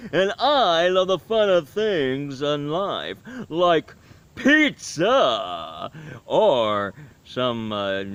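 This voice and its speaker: This is a greedy, food-loving werewolf, as a man puts him on, booming and pitched well above a normal voice. He draws every word out slowly and hums over imagined treats. The pitch climbs and falls widely as he savors each line. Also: dull audio, exaggerated voice. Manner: loud, slow, savoring, smacking sounds. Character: gluttonous male werewolf who loves fine food.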